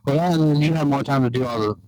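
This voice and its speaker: A man hosting a podcast outdoors, chatting casually and planning things out loud with filler words. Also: medium pitch, rapid-fire, a crowd in the background, low-quality recording. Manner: laid-back, plans aloud with filler words. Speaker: podcast host. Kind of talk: casual chat.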